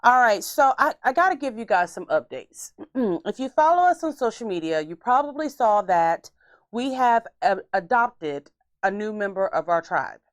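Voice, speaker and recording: Animated woman podcast host. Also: mid-range voice, no echo, studio quality. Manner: animated, theatrical storyteller. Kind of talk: casual storytelling chat.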